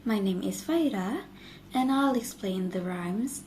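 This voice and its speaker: A young woman student giving a class presentation, reading her part in a steady, list-like way. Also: mid-range voice, unhurried, rough recording. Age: young adult. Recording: faint background noise.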